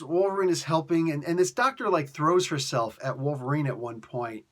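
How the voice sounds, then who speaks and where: A man's voice: a little high, normal speed, fairly bright tone. A man giving a casual, rambling comic book review, full of fillers, restarts and exasperated asides.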